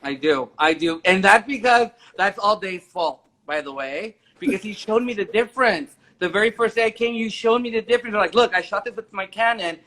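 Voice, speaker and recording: A man's voice: high-pitched, animated, brisk, hardly any pauses, bright, forceful tone. A man in his forties talking as an interview guest, enthusiastic and rambling with many restarts. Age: 40s. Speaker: interview guest, makeup artist and photographer. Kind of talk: casual interview chat.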